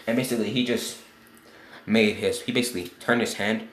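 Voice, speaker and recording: Low-ish guy rambling thru a fan story, swears a lot, echoey room. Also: steady tone, fast talker, a little hiss or hum. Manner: rambling, leans on "basically" and swearing. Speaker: channel host. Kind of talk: casual retelling of a fan story. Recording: roomy echo.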